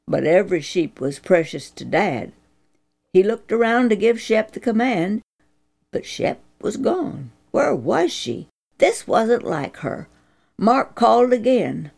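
A woman narrating a children's Bible story slowly and earnestly, her voice rising high in the tense moments. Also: very animated, gravelly.

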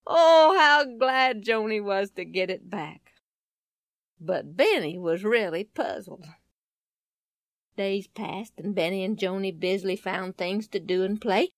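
A woman narrating a children's story in an expressive, lively storytelling manner. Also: mid-range voice, measured pace, no echo, studio quality.

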